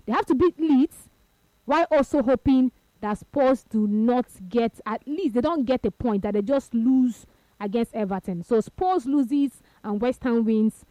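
A woman, hosting a radio sports talk show in a brisk, chatty way. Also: fairly high pitch, dark tone, no echo.

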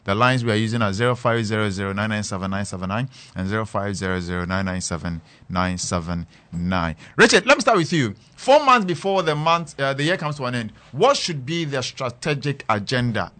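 A man with a Ghanaian accent hosting a live radio talk show from a studio, slipping between English and Fante in a drawn-out announcer style. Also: mid-range voice, lively intonation, sharp tone. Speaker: radio host.

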